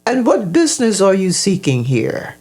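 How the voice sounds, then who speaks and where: A woman voicing a kindly old man with a long white beard, asking slow, gentle questions in a storybook reading. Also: mid-range voice, big pitch swings, breathy edge. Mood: curious.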